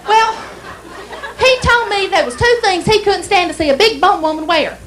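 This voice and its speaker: A woman's voice: very high voice, normal speed, a bit bright, a little hiss or hum, rough recording. A woman with an Alabama accent performing a stand-up comedy set on a club stage, telling folksy stories and acting out the dialogue. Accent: Southern US, Alabama. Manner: folksy storytelling, acts out dialogue.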